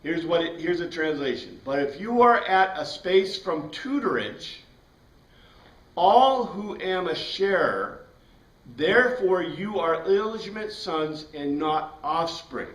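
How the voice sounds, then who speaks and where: A man's voice: fairly high pitch, expressive, takes it slowly, fairly bright tone. A man teaching a Bible class, explaining step by step and putting questions to his students. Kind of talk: classroom lecture. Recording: roomy sound from a distant mic.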